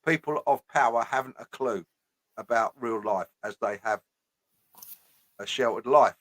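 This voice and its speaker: Casting: blunt man, mid-pitched, dry close sound, casual ranting host. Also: a little slow, a bit bright, no echo. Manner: blunt, swears often, repeats "you know what I mean".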